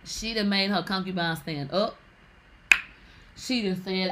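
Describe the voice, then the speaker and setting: A woman hosting a gossip show, talking in a casual, animated and profane way with sassy asides. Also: medium pitch, measured pace, pauses often, background noise.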